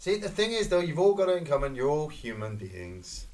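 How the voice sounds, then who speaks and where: A Scottish man giving casual, excitable gameplay commentary, swearing and reacting loudly to each kill. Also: on the high side, fairly quick. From Scotland. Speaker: gaming streamer.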